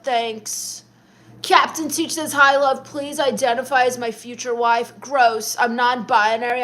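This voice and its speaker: A young woman hosting a livestream, reading viewer comments aloud in a deadpan, dismissive, sarcastic comedic manner. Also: sits high. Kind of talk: in-character comedic livestream chat.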